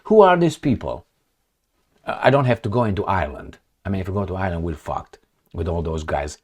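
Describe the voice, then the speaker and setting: A man talking in a lowish voice with a lively, swooping pitch, ranting casually about the news as he points things out. He is sarcastic and mocking, swinging from loud emphatic bursts to low muttered asides. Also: fairly quick, slightly rough. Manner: sarcastic and mocking, with scornful laughs. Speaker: political commentary vlogger. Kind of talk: casual rant over a map and articles.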